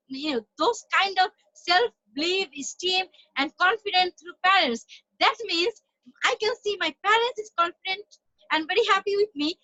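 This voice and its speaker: Talking over a video call in a casual interview, this entrepreneur guest, born in Bangladesh, has a high, bright voice. She chatters freely, frequently repeating herself and restarting phrases, and the sound is dull, lo-fi call audio.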